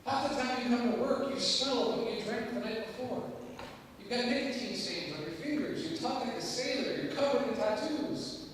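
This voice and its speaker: Animated American man in an echoey hall. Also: extremely high pitch, normal speed, a little hiss or hum. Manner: animated storytelling with sudden loud rises. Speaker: guest speaker. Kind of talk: personal testimony talk. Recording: echoey hall, distant mic.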